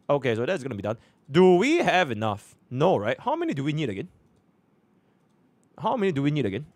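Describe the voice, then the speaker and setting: A man's voice: on the high side, wildly swooping pitch, brisk, pauses often, darkish tone. Young guy from singapore livestreaming, mutters and repeats stuff, dry no-echo mic. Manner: chatty, repeats filler phrases, mutters to himself. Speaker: streamer. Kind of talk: casual live-stream chat.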